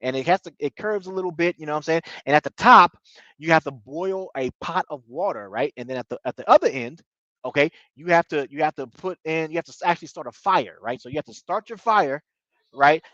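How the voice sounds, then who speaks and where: A TV show reviewer with a slightly high voice gives a casual, rambling recap of an episode, animated and a little fast, with a sharp tone. He repeats himself and leans on fillers like "you know what I mean." The recording is dull, lo-fi, and dry, with no echo.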